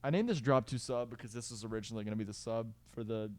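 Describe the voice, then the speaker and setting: Talking very fast in a mid-range voice with background noise behind him, a young producer walks through his music project in a relaxed screen-recorded tutorial. Recorded on a clip-on mic, he wanders off track, corrects himself, fills pauses and now and then vocalizes rhythms.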